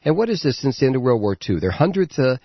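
A man hosting a political talk radio show, delivering a sarcastic commentary monologue with frequent halting fillers. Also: medium pitch, big pitch swings, husky, no room sound, dull audio.

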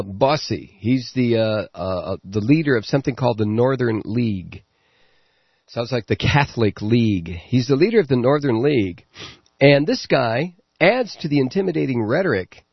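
A man hosting a political talk radio show, delivering a sarcastic commentary monologue with frequent halting fillers. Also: mid-range voice, creaky, slightly rough, no room sound, lo-fi sound.

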